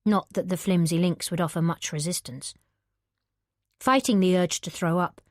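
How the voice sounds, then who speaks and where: Female narrator, lowish voice, measured thriller reading, dry booth sound. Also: no room sound. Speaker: audiobook narrator. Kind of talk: scripted narration.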